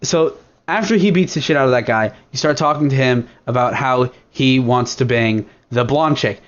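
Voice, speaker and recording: A young man talks loosely as a podcast host, crude and rambling, stacking fillers and restarting his sentences. His pitch sits in an ordinary middle range for a man. The recording sounds dull and lo-fi. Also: normal speed. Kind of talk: casual rambling chat.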